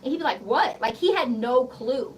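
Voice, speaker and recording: Woman, thirties, radio guest; bright high voice, blunt and profane; slightly off-mic recording. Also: brisk. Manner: blunt, profane, animated storytelling. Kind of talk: casual interview chat. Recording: slightly distant mic with faint background noise.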